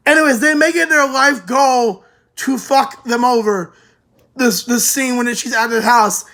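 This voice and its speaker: Young woman gushing about an anime, high voice, swears a lot, trips over her words. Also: moderate pace. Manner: excitable, swearing, stammering restarts. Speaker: anime reviewer. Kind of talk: casual rant review.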